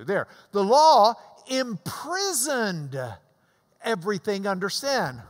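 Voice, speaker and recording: Animated man in his sixties preaching. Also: very high voice, slow, in a large hall. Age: 60s. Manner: animated and emphatic, explaining Greek words with folksy asides. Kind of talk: sermon, verse-by-verse Bible teaching.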